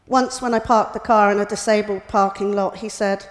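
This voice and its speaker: Brief: middle-aged woman reading a personal talk, mid-pitched, plain and steady, in a big echoing room. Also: moderate pace. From United Kingdom. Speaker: carer giving a talk. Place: hospital lecture room. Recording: reverberant hall.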